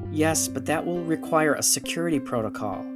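A man's voice: on the high side, animated, brisk, loud music behind the voice, voice pushed up, lightly acted. A man voicing a small girl-like being in an audiobook, speaking in a precise, analytical way.

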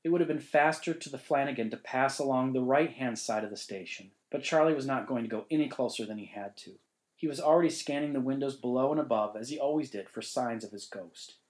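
A man reading a ghost story in measured, suspenseful narration. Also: medium pitch, darkish tone, rough recording. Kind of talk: scripted narration.

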